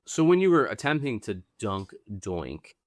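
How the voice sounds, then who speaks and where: A man's voice: fairly low pitch, sing-song, unhurried, no echo. A man co-hosting a podcast, telling a rambling anecdote full of likes and I-don't-knows. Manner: rambling storyteller, lots of like and I don't know. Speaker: podcast co-host. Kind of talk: casual chat.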